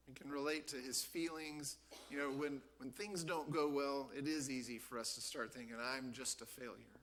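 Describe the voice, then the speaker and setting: This pastor's sermon acts out the characters of a Bible story with lively energy. His voice is a little high.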